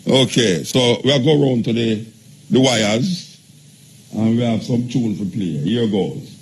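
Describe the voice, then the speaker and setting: A man's voice: mid-range voice, slow pace, breathy edge. A man with a Jamaican accent hosting a radio talk show, preaching in drawling patois and teasing his callers.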